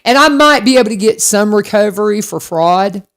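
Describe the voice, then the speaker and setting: A woman co-hosting a radio talk show, telling a story in a lively, self-deprecating way and speaking straight to the listeners. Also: medium pitch, moderate pace. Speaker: radio co-host. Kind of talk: casual chat.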